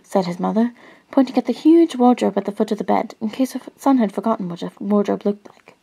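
A woman gently reading a storybook aloud in a soft-spoken ASMR style, dropping into whispers at times. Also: on the high side, fast, creaky, husky, low-quality recording. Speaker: ASMR reader.

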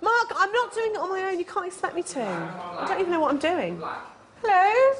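A woman's voice: very high voice, big pitch swings, a little fast, crowd noise. A woman, a hotel manager talking bluntly and in slang while serving in a busy restaurant. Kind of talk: reality documentary, on-the-job talk.

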